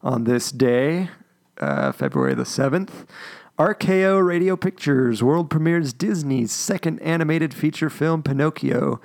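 A man co-hosting a casual podcast reads out trivia in a slow, laid-back way, tossing in jokey asides. His voice is fairly high, expressive and a little mellow.

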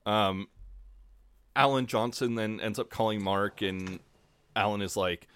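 A man co-hosting a podcast, recapping in a relaxed, chatty way with lots of fillers. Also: lowish voice, measured pace, pauses often, smooth, no room sound. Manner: relaxed, many fillers, acts out quotes. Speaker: podcast co-host. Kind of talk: casual chat recapping a TV episode.

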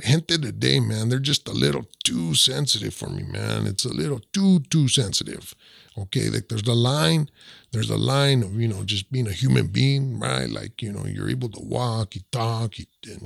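A man's voice: mid-range voice, moderate pace, creaky, dry recording, studio quality. A man, mixing into casual, drawling rants full of "man" and "you know.". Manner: streetwise, drawling, peppers talk with 'man' and 'you know'. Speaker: podcast guest. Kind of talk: casual ranting chat.

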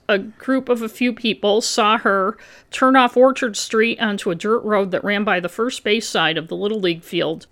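A woman with a mid-range, slightly bright voice hosts a podcast, reading her own researched true-crime script and tossing casual asides to her co-host.

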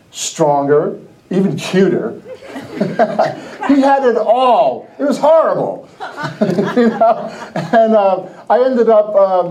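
Animated storytelling man, high and mellow. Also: poor audio. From New Jersey. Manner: animated, laughing, acts out quoted dialogue. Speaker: podcast host. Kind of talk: casual storytelling on a Christian podcast.

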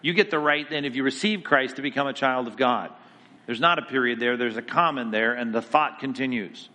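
A man's voice: mid-range voice, a little fast, bright, forceful tone, long reverb tail. A man giving a theology lecture to a class, emphatic and conversational, asking the students questions as he goes. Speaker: Bible teacher.

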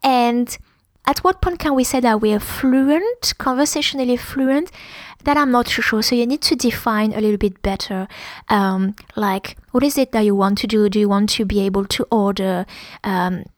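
Brief: French-accented woman, higher voice, halting conversational advice, dry close sound. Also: dry recording. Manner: hesitant, many ums and restarts.

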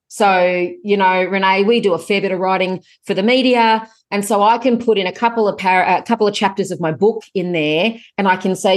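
A middle-aged woman guest on a casual podcast interview, talking in a chatty, animated way with sudden lifts in pitch. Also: brisk, few pauses. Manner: animated, chatty, jumps up in pitch when excited. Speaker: guest author.

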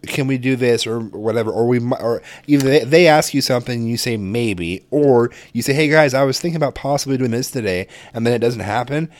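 Profane rambling dad. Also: male voice, mid-range voice, a little fast, hardly any pauses. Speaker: podcast co-host, father. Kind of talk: casual chat.

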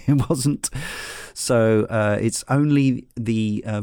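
A man hosting a podcast, chatting casually with many pauses and fillers. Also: fairly low pitch, no echo, clean studio sound. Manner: relaxed, hesitant, many fillers. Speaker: podcast host. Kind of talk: casual podcast chat about retro games.

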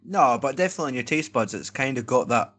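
Bright-voiced sweary co-host. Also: male voice, mid-range voice, lively intonation, quick pace. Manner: blunt, sweary, teasing. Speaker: podcast co-host. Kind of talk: casual chat.

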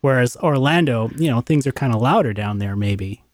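A man's voice: mid-range voice, animated, moderate pace, no room sound. A man hosting a podcast, asking rambling, easygoing questions in casual chat. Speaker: podcast host.

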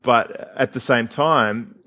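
A man co-hosting a podcast in casual, blunt chat, laughing often and trailing off into quiet asides. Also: medium pitch, takes it slowly, no room sound. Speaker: podcast co-host.

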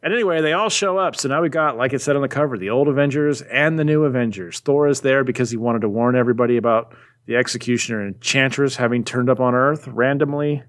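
A man in casual chat, animatedly retelling a comic book plot and briefly voicing its characters. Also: medium pitch. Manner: rambling, animated retelling with quick voices for characters. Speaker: podcast co-host recapping a comic.

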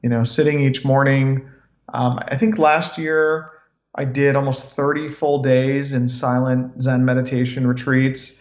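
Man, forties, calm, reflective, podcast guest, echoey room, dull lo-fi audio. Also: medium pitch. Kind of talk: podcast interview. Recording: roomy, dull lo-fi sound.

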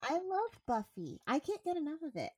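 A woman's voice: high voice, sing-song, normal speed, darkish tone. A woman co-hosting a podcast in casual chat, earnestly arguing her side as a devoted fan. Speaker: podcast co-host.

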